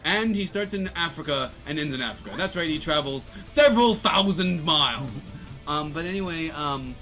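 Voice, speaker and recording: A man's voice: a little high, lively intonation, normal speed, sharp tone, faint music behind. A man co-hosting a casual gameplay chat, telling a long, meandering story. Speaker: co-host.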